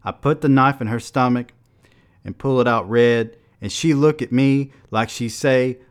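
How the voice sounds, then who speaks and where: A man's voice: mid-range voice, measured pace, clear, resonant tone, pitched above the performer's own voice, lightly acted. A man voicing an angry, troubled nineteen-year-old who bluntly tells a violent dream in street dialect. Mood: numb, violent.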